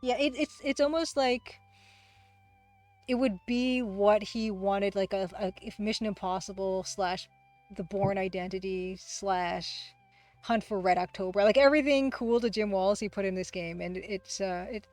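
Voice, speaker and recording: A woman hosting a casual livestream, who talks fast, rambles through chat replies, laughs often and pokes fun at herself. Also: mid-range voice, a little mellow, soft background music. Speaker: livestream host and game artist.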